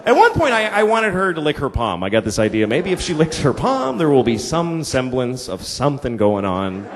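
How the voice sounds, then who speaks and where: A man's voice: mid-range voice, wildly swooping pitch, moderate pace, slight background noise. A man in his forties performing a stand-up set, telling crude, exasperated stories and slipping into put-on voices. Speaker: stand-up comedian. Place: large theater stage before a laughing crowd. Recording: live hall recording with crowd laughter and reverb.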